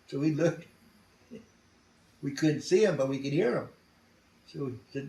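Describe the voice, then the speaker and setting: A man's voice: fairly high pitch, animated, measured pace, long pauses, mellow, far from the mic. An older man telling his war experience in an interview, blunt and salty, chuckling as he goes. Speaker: veteran interviewee. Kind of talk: storytelling interview. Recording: roomy sound from off mic.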